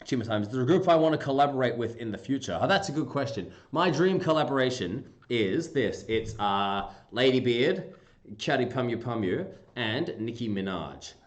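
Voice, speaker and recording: An Australian man hosting a casual livestream, talking in an animated, jokey way. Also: mid-range voice, normal speed. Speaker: livestream host, heavy metal singer.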